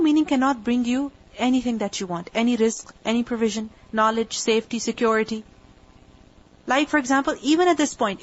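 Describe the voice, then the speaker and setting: Woman teacher giving a religious lecture, kinda high voice, asks questions then answers them, muffled lo-fi sound. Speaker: Quran teacher. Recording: dull lo-fi recording.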